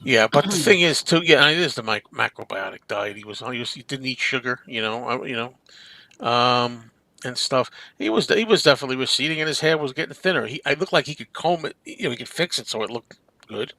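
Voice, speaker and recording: A man's voice: medium pitch, expressive, brisk, sharp tone, no room sound. Rambling man with a dry close sound. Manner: rambling, hesitant. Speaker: chat guest. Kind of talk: casual group chat.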